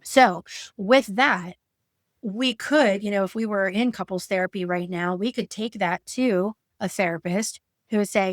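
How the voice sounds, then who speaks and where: A woman coach explains her approach in a loose, conversational way, dropping in fillers and acting out little quotes. Her voice sits at an ordinary middle pitch. The recording is dry and close, with no room sound. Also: unhurried, no room sound. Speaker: betrayal trauma coach. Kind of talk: educational talk with personal examples.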